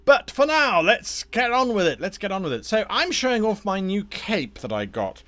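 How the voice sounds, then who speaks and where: A man's voice: high voice, big pitch swings, normal speed, sharp tone, dry recording. A man from South Africa, a game master chatting loosely on a live stream and rambling about his setup. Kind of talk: casual live-stream chat.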